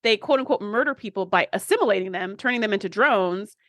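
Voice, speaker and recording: A woman's voice: mid-range voice, quick pace, no echo. A woman co-hosting a podcast, recapping an episode in casual chat and acting out her own reactions. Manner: animated, acts out reactions. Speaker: podcast co-host.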